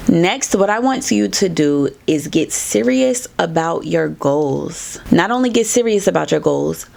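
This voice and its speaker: Gravelly low-voiced woman podcast host. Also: animated, measured pace, darkish tone. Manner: assertive, preachy, faith-based encouragement. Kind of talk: motivational self-help talk.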